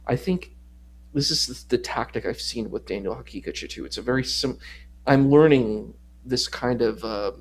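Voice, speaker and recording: A man guesting on a livestream, critiquing a debate in a measured, rambling, casual way. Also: medium pitch. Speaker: stream co-host guest. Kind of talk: casual discussion.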